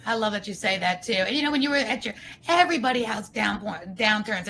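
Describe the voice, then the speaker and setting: Chatty woman host, bit high voice, effusive, slight noise in the background. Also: pushed and bright. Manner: effusive, encouraging. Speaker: talk show host. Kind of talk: interview conversation.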